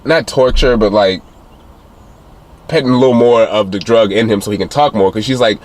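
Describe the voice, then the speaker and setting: Male reviewer, low-pitched, loose and chatty, retelling a plot with plenty of fillers. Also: normal speed, a little mellow. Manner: rambling retelling with many fillers, acting out quotes in a higher voice. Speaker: film reviewer. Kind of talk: casual spoiler recap of a film.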